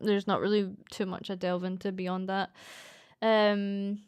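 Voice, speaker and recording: A woman's voice: medium pitch, flat delivery, a little slow, a little mellow, clean tone. A young Scottish woman streamer rambling through a casual story with lots of fillers and giggles. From Scotland. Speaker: streamer and voice actress.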